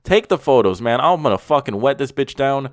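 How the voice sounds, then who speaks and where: A man voicing an impatient, crude young male car seller in a pushy, excited tone. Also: mid-range voice, fairly quick, dry recording, clean studio sound, pitched above the performer's own voice, lightly acted.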